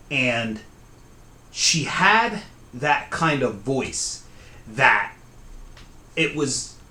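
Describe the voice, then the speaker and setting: A man telling his own scary story in a casual, conversational way, often pausing to ask "okay?". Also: medium pitch, pushed and bright, echoey room. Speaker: storyteller host. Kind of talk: casual spoken horror storytelling.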